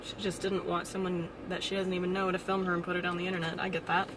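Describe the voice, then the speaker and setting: A young woman vlogging alone, talking in a halting, reflective way with nervous little laughs, emotional and close to tears. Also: on the low side, level tone, background noise. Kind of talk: personal vlog monologue.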